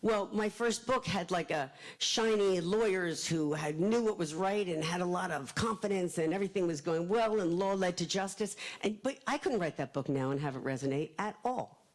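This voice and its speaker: An older woman from Philadelphia with a Philadelphia accent, an author giving a fast, chatty, joking live talk at a library event. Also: fairly low pitch, lively intonation, poor audio. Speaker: author speaking to an audience.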